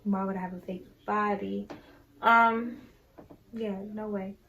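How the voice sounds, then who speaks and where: Bright-voiced teenage girl vlogging. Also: mid-range voice, fairly even intonation, slow pace, vocal fry, slight background noise, poor audio. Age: teens. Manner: chatty and self-assured, affectionate to viewers. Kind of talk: casual vlog talk to camera.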